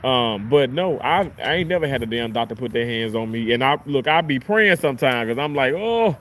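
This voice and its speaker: Casual storyteller: young guy, surgical tech, lively and profane, mid-pitched everyday voice. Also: a little fast, slight background noise. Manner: animated, chatty, swears casually.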